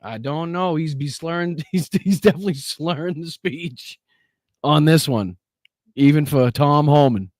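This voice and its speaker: A man's voice: on the high side, measured pace, a little mellow, no echo, clean studio sound. A man hosting a livestream, reacting to news clips with mocking, profane commentary and frequent laughter. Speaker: livestream host.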